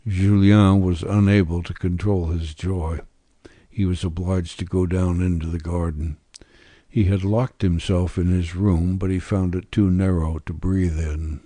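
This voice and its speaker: A male audiobook narrator reads a classic novel in a deep, dark voice with a slightly husky grain. His delivery is slow, measured and deliberate, recorded dry and close. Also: little pitch movement, no echo.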